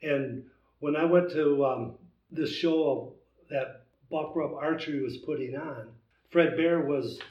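A man's voice: a little high, reverberant, recorded from a distance, highs cut off. Sixty-something man telling rambling stories. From United States. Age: 60s. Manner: halting, rambling storyteller with many restarts. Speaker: interview guest. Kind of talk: casual storytelling chat. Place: home den.

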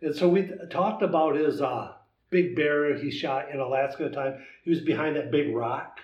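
A man in his sixties, a guest telling stories in a casual chat at home, halting and rambling with many restarts. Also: on the high side, reverberant, recorded from a distance, dull audio. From United States. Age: 60s. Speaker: interview guest. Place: home den.

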